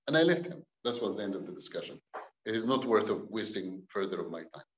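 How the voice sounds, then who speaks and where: A man's voice: lowish voice, expressive, fast, a little hiss or hum. A man, a pastor, telling a dramatic personal story with wry jokes and acted-out dialogue. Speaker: pastor and guest. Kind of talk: storytelling testimony. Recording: dull, roomy recording.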